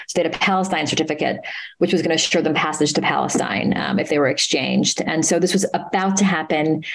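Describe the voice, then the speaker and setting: A woman guest at a live talk, earnestly retelling a story with many pauses and restarts. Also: low voice, rough recording. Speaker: author and interview guest.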